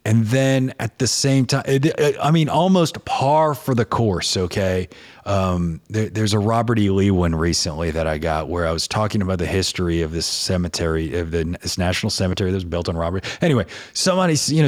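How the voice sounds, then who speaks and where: A man's voice: on the low side, fairly quick. A man with a New Orleans accent, a podcast guest chatting casually, rambling with many restarts. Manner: rambling, restarts a lot, animated. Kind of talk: casual chat.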